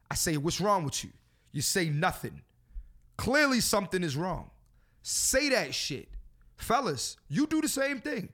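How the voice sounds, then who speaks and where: A man's voice: high-pitched, a bit bright. A man hosting a casual podcast, talking in a profane, preachy and joking way. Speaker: podcast host.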